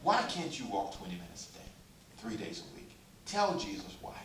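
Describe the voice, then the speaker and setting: Exhorting preacher in an echoey church. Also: male voice, lowish voice, very animated, normal speed, fairly bright tone. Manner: exhorting, humorous, call-and-response. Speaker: pastor. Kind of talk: sermon. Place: church sanctuary. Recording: echoey church hall, mic far off.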